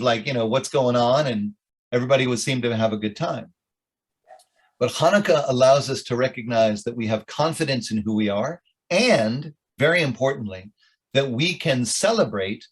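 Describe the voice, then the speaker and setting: A middle-aged rabbi telling stories with jokes and asides to his audience at a club meeting. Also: mid-range voice. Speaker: rabbi, guest speaker. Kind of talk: informal talk at a club meeting.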